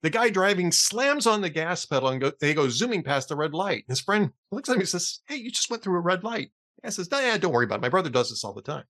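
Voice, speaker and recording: A man's voice: fairly high pitch, sing-song, fast, hardly any pauses, fairly bright tone. A man hosting a casual political talk show, chatty and often laughing at his own jokes. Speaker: podcast host.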